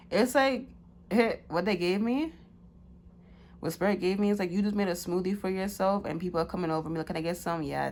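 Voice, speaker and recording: A woman's voice: deep voice, slight background noise. A woman giving a casual pick-a-card tarot reading, loose and slangy with many fillers.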